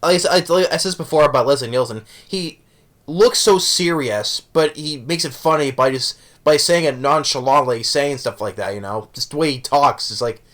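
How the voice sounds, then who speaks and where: Casual male reviewer, mid-pitched, stop-start delivery full of restarts. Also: a bit bright. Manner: halting, many restarts and self-corrections; chuckles while recounting jokes. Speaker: movie reviewer.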